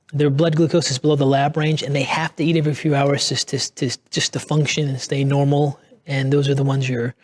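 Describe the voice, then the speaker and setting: A man's voice: medium pitch, darkish tone. A man teaching a clinical course, speaking unscripted, often restarting phrases and briefly acting out what patients say. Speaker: course instructor. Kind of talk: recorded clinical lecture.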